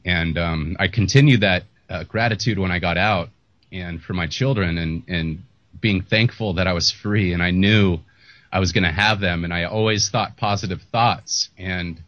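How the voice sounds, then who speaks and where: Middle-aged host, very low voice, dry and muffled; candid, heartfelt, rambling. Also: male voice, normal speed, a bit bright, no echo. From United States. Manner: candid, emotional, rambling with restarts. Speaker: podcast host. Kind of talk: earnest interview talk. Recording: muffled lo-fi audio.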